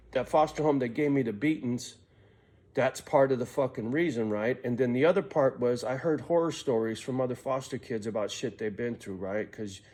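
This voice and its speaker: Middle-aged male vlogger, profane and confiding, mid-pitched, rambling storyteller. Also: a little mellow. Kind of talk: personal storytelling vlog.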